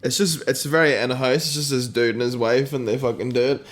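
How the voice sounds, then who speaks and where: A man's voice: medium pitch, steady tone, a little fast. A young man telling rambling, sweary stories in a casual comedy podcast chat. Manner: rambling storytelling, swearing, full of fillers. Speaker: podcast co-host.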